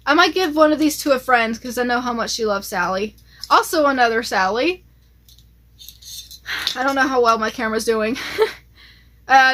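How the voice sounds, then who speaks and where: A woman chatting casually and excitedly as she shows off her collection, with plenty of fillers along the way. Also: high voice. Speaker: collector vlogger. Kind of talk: casual show-and-tell chat.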